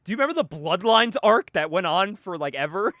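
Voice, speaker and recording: A bright, high-voiced man hosting a laid-back comic book chat. He talks with a lively swing and laughs a lot, and the dry, close recording keeps him right up front. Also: a little fast, dry recording. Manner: animated, laughs often, acts out comic lines in voices. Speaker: podcast co-host.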